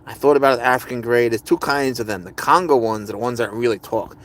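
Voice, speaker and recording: A man's voice: mid-range voice, fast talker, a bit bright. A man hosting a live stream, chatting casually and rambling as he answers viewers' comments. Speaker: livestream host.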